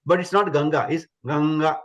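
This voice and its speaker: A man's voice: on the high side, moderate pace, low-quality recording. A man teaching Sanskrit pronunciation in an online class, patiently repeating sounds as demonstrations.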